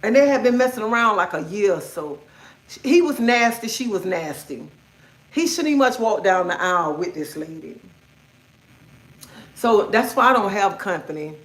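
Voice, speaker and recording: A woman's voice: mid-range voice, lively intonation, normal speed, a bit bright. Blunt, outspoken middle-aged woman. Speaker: livestream host. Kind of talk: casual livestream rant. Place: indoors at home. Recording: echoey room.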